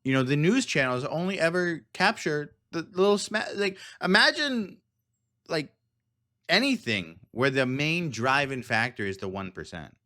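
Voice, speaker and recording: A man's voice: a little high, big pitch swings, unhurried, sharp tone. A man hosting a casual commentary podcast, rambling and digressive with frequent laughs. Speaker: podcast host.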